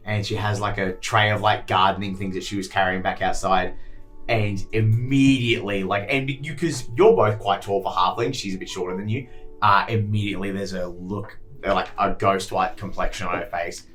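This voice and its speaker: A man's voice: lowish voice, moderate pace, fairly bright tone, soft background music. Rambling man running a tabletop game. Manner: loose, rambling narration with many fillers. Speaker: dungeon master. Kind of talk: narrating a tabletop game, casual swearing.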